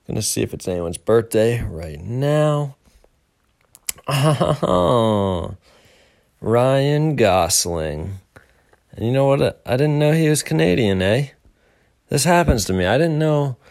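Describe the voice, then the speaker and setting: Young guy doing a solo morning show, kinda low voice, rambly and upbeat, pokes fun at himself. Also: darkish tone. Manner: rambling, upbeat, self-deprecating asides. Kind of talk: casual solo podcast talk.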